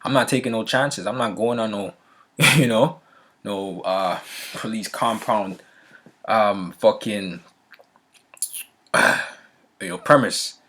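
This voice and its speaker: A man with a slightly low voice telling a story in an easygoing, conversational way. He keeps checking in with the listener and trips over his words as he goes, with filler words and quick restarts. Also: a bit bright. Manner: frequent fillers and restarts, a laugh now and then. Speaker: vlogger. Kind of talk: casual storytelling.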